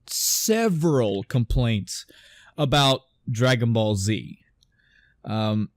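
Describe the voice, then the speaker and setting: This podcast host's voice is a little high, recorded with no room sound. Chatting casually, he wanders and starts sentences over, frequently performing movie lines.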